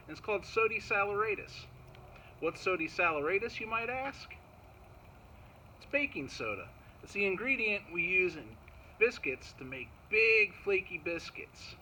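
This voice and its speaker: A man tells a folk tale to children with a bright, forceful voice that sits a little high for a man. He keeps it lively and chants small sound effects along the way, and a faint background noise sits under him. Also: moderate pace, low-quality recording. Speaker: park storyteller. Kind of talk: storytelling for children.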